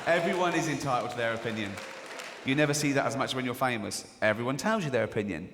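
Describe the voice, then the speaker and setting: Speaking fast in a medium, slightly bright voice, this English comedian in his forties mocks people and acts out characters with silly voices, laughing at his own jokes. He's on a large theatre stage, recorded live with long reverb, a little hiss or hum, some chatter, and the crowd's laughter behind him.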